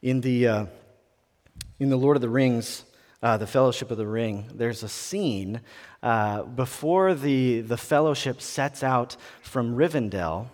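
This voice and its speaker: Preacher in a reverberant hall. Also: male voice, medium pitch, unhurried. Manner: conversational, animated preaching with rising emphasis and restarts. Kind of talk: sermon. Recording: long reverb of a large room.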